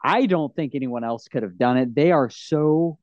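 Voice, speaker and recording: A man's voice: fairly high pitch, normal speed, darkish tone, no echo, lo-fi sound. A man casually and enthusiastically retelling film scenes, rambling with restarts.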